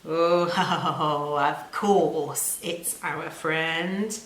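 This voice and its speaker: A woman teaching a children's language lesson in a slow, clear and playful way, with repeated words and sound effects. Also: low voice, fairly even intonation, a bit bright. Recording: roomy echo.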